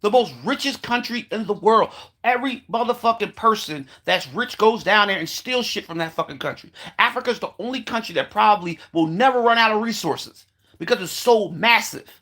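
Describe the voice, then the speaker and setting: A man's voice: high-pitched, lively intonation, brisk, bright, forceful tone. A man delivering a heated, profane monologue, repeating himself as he rants. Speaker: commentator. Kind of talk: ranting monologue.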